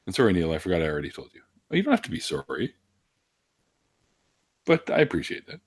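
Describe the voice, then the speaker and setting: An older man hosting a casual chat, playful and quick to laugh. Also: deep voice, huge pitch swings, breathy edge. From Canada. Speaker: host.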